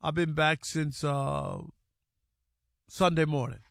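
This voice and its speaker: A man's voice: a little high, fairly even intonation, slow, vocal fry, a bit bright, dry recording, studio quality. A man co-hosting a sports radio show, protesting in casual banter and reading plugs. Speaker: co-host.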